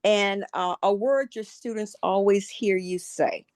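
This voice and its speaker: Upbeat middle-aged woman asking quick questions. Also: medium pitch. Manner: warm upbeat questioner, repeats answers back. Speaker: podcast co-host. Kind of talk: casual interview chat.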